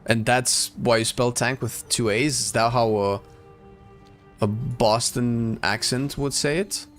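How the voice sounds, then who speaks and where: A man's voice: mid-range voice, fairly even intonation, slow, fairly bright tone. A man casually commenting on his gameplay as a streamer, chatty and laid-back, answering his chat. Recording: faint music under the voice. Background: faint game music.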